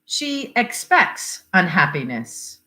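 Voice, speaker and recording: A woman's voice: lowish voice, very animated, slow, pushed and bright, exaggerated voice. A woman reading the lines of a blunt, bitter middle-aged father grieving for his sick son, in her own voice with little change. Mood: somber. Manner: blunt, swears, wry about odds.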